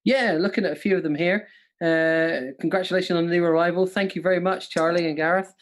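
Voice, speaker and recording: Man with a higher-pitched voice; comic quiz host, playful and self-deprecating. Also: steady tone, fast talker. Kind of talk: casual live-stream quiz banter.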